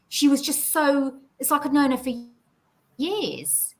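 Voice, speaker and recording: A woman's voice: high voice, normal speed. A woman from England chatting casually as a guest, telling stories and acting out what other people said. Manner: chatty, animated storyteller who acts out other people's lines. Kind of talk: casual chat about mental health.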